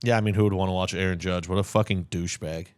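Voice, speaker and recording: A man co-hosting a casual podcast, loud and animated, full of crude jokes. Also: deep voice, very fast, clear, resonant tone. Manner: animated, crude humor, mock voices. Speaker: podcast co-host.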